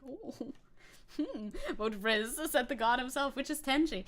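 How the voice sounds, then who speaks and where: A woman's voice: sits high, measured pace, fairly bright tone. A woman chatting casually on a live stream, playful and giggly, reading chat aloud.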